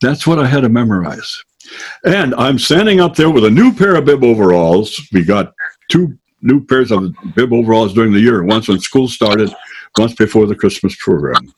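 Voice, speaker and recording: A man's voice: medium pitch, expressive, normal speed, slightly rough. An older man telling a folksy childhood story to an audience, acting out the voices of the people in it.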